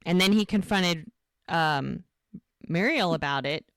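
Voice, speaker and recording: A woman's voice: fairly low pitch, unhurried, no echo. A woman co-hosting a podcast, recapping a TV episode in casual chat and acting out the scenes as she tells them. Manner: animated storyteller, acts out the scenes. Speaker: podcast co-host.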